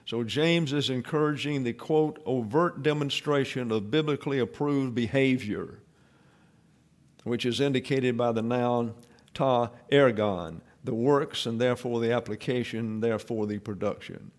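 A Bible teacher with a mid-range male voice gives an expository lesson, explaining in a measured way with pauses and fillers.

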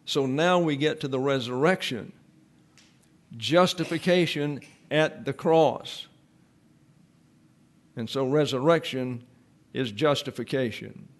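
A man preaching an expository sermon, teaching slowly and deliberately and repeating key phrases for emphasis. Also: medium pitch.

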